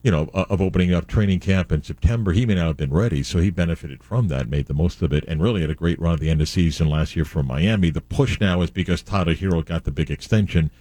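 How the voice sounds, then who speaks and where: A man's voice: low-pitched, quick pace, hardly any pauses, warm tone, dry recording. A man hosting a sports radio show, talking casually with many filler words.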